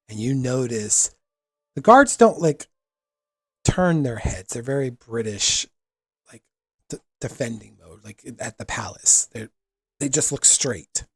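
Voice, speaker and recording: A man narrating a tabletop role-playing game as game master, relaxed and with many fillers. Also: mid-range voice, slightly rough, no room sound.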